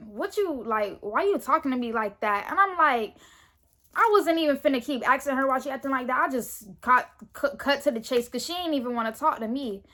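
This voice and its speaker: A teenage girl with a high, bright voice tells a school story straight to the camera. She is animated and indignant, acting out each line of the argument in her retelling. The delivery is loose and casual, full of quoted back-and-forth. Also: brisk. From Florida, US. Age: teens. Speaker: vlogger telling a story.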